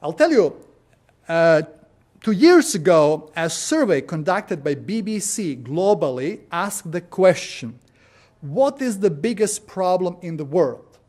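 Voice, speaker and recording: High-voiced man telling sermon stories. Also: sing-song, takes it slowly, a little mellow. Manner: storytelling, frequent "uh" and "you know". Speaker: preacher. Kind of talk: sermon with anecdotes.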